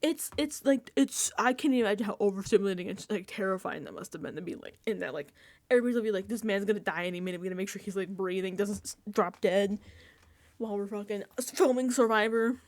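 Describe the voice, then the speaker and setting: A young woman chatting casually on a reality-TV recap vlog, animated and laughing, acting out quotes and swearing freely. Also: medium pitch, quick pace, no room sound. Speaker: recap vlogger. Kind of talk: casual reality-TV reaction chat.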